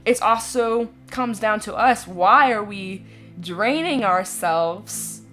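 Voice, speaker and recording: A woman talks her viewers through a tarot spread in a relaxed, chatty way, often checking in with the listener. Her voice sits at an ordinary middle pitch. Faint music plays underneath. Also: takes it slowly. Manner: chatty, reassuring, full of "you know" and "right?". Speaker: tarot reader. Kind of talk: casual tarot reading to camera. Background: soft background music.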